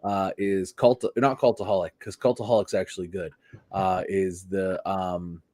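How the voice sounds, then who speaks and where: A man's voice: low voice, moderate pace. A man co-hosting a wrestling podcast, chatting casually with a sarcastic edge. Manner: animated, sarcastic. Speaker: podcast co-host. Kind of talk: casual chat.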